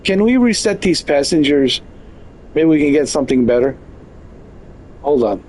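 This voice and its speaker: A man's voice: a little high, animated, moderate pace, a little mellow, low-quality recording. A man giving casual, joking live commentary on a flight game from his bedroom, full of exaggerated mock complaints. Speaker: game streamer. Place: bedroom at home.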